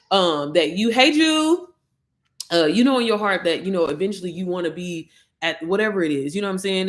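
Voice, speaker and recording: A woman hosting a casual livestream, chatting directly to her viewers and calling them girl and baby, sometimes reading affirmations aloud. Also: on the low side. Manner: reads out affirmations. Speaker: livestream host.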